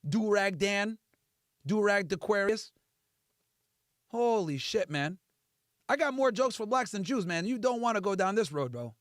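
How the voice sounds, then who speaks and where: A man with a high voice that swings widely as he rants through a livestream. He curses freely and mocks his critics with heat, and his voice sounds close and dry. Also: lively intonation, unhurried, long pauses, fairly bright tone, no echo. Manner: profane, heated, mocking. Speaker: livestream host. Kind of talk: livestream rant.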